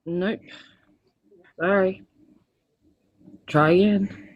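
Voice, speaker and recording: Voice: mid-range voice, fairly even intonation, extremely slow, muffled recording. A livestream host talking back to viewers, hesitant and full of fillers, scolding at times. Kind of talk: livestream chat.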